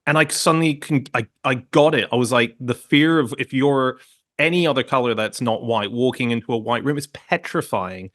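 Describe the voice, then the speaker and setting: A man's voice: medium pitch, moderate pace, a bit bright. A man in his late thirties from Hong Kong, a podcast guest telling long stories in casual chat, with many restarts and asides. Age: late 30s. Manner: rambling, self-interrupting storyteller.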